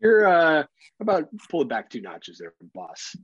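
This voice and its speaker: A young adult man co-hosting a casual podcast, telling animated stories and swearing freely. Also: on the high side, measured pace, husky, dry recording, muffled recording. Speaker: podcast co-host.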